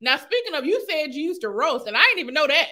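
Woman host, high pitch, bright tone, energetic, laughs easily, casual chat. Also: fast talker, a little hiss or hum. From Los Angeles.

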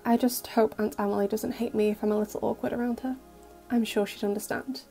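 An earnest, kind teenage boy speaks softly and sincerely in a fan audio story, read by a woman. The voice sits fairly high and mellow. The delivery stays gentle. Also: flat delivery, fast, creaky, faint music behind.

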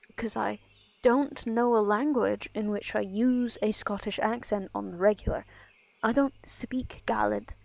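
A woman's voice: medium pitch, steady tone, measured pace, creaky. A woman from Ireland streaming a game, chatting casually in a rambling way full of asides. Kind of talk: casual chat while gaming.

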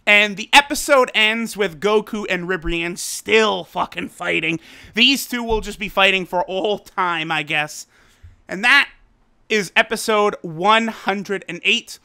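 A man reviewing an anime episode in a loose, excitable way, swearing freely and laughing as he recaps. His voice is bright and forceful. The tone is smooth and clear. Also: high-pitched, measured pace. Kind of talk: casual video review.

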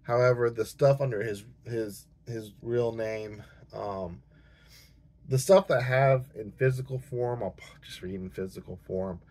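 A man's voice: mid-range voice, fairly even intonation, unhurried, a little mellow. A man hosting a book channel, talking casually to camera in a rambling, hesitant way with many fillers and restarts, and he has the hiccups.

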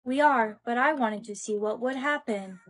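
A woman's voice: on the high side, moderate pace, fairly bright tone, no room sound. A woman voicing a curious young female robot AI in a short POV skit, speaking in a polite, literal and inquisitive way. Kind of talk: TikTok POV skit acting.

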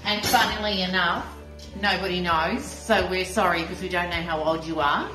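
A woman's voice: lowish voice, fairly even intonation, moderate pace, bright, forceful tone, echoey room, faint music behind, rough recording. A woman, chatting and joking in a casual birthday video message. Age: 50s. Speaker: friend sending a birthday message.

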